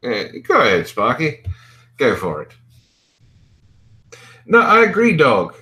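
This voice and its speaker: A man's voice: mid-range voice, huge pitch swings, slow pace, bright, forceful tone. A man hosting a casual podcast, his voice rising and falling with lots of movement. He talks with sarcasm and swears freely. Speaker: podcast host. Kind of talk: casual profane commentary.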